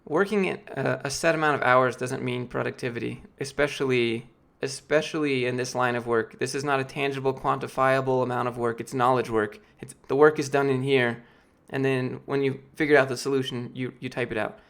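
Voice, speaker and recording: Late 20s guy losing his voice, fry in it, rambly casual stream talk w lots of likes and restarts. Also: medium pitch, steady tone, fairly quick, few pauses, a bit bright. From Georgia, US. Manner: rambling, filler-heavy, restarts often. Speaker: streamer answering chat. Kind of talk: casual live-stream chat.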